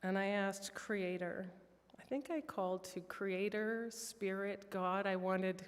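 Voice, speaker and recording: A woman telling a heartfelt personal prayer story during a church worship service, soft-spoken and emotional. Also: medium pitch, slow, clear, resonant tone, long reverb tail. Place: church sanctuary.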